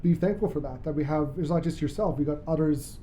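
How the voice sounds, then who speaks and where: A podcast host chatting casually as an enthusiastic fan, rambling and cracking quick jokes. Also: medium pitch, mellow, a little hiss or hum.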